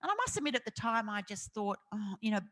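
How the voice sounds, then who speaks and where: A middle-aged Australian woman recounts her reporting days in animated, laughing anecdotes. Her voice sits at an ordinary pitch and carries a long reverb from a festival hall. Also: fast talker. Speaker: investigative journalist, guest. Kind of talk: storytelling interview on stage.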